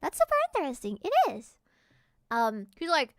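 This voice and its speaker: A woman from Peru streaming a casual reaction chat, animated and giggly as she translates and explains. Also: high-pitched, moderate pace, no echo.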